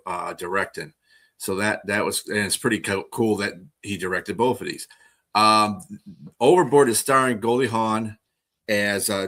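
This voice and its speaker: A man co-hosting a casual podcast, reading out film facts in a halting way with many filler sounds. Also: fairly low pitch, bright, forceful tone. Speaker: podcast co-host.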